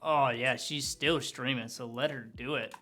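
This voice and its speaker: A young man streaming from home, signing off after a role-play session in an excitable, sweary, laughing way. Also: mid-range voice, measured pace. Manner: excitable, swears a lot, laughs between lines. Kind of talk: casual sign-off chat to stream chat.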